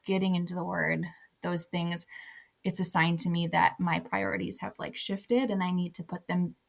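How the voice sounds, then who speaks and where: A young woman with a low, gravelly voice talks in an even, flat tone as a podcast guest. She sounds earnest and reflective. Her speech is casual and conversational. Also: moderate pace. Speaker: author guest.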